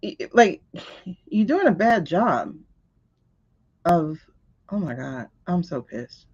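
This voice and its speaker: A woman's voice: on the low side, very animated, takes it slowly, darkish tone, breathy edge. A woman hosting a live stream, giving casual, exasperated running commentary as she talks back to footage she is watching. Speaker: host of a live tarot stream. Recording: lo-fi stream audio.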